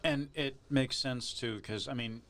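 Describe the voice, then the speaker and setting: A man's voice: medium pitch, fairly even intonation, a little slow, a bit bright. A man co-hosting a casual podcast, blunt and opinionated, who swears casually as he talks. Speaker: podcast co-host. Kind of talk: casual chat.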